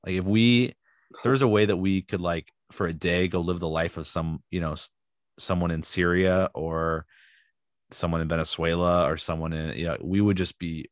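A young American man hosting a casual podcast chat, joking and animated, with frequent asides. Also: deep voice, no echo, studio quality. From United States. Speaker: podcast host.

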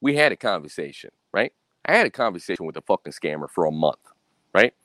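A man's voice: low voice, sing-song, fast talker, fairly bright tone, no room sound. An American man telling a story in a blunt, profane rant, keeping up a "right?" after his points. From United States. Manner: keeps asking "right?". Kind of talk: casual profane monologue.

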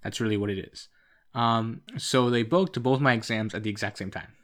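A young man from Canada talks in a casual podcast chat, pitched in the middle of the male range. He tells a rambling story and keeps pressing to finish it when interrupted. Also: steady tone, fairly quick, fairly bright tone. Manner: rambling storyteller, insists on finishing his point.

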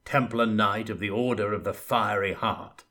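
A man voicing a zealous, boastful knight in an audiobook, speaking loudly and fervently. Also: fairly low pitch, fairly even intonation, normal speed. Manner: loud, commanding, fervent. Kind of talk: audiobook character voice.

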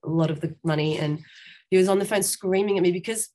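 A woman's voice: fairly low pitch, fast talker, mellow. Woman telling her story, frank and rambling. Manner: frank, rambling, frequent restarts and laughs. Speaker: interview guest. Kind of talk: candid personal storytelling.

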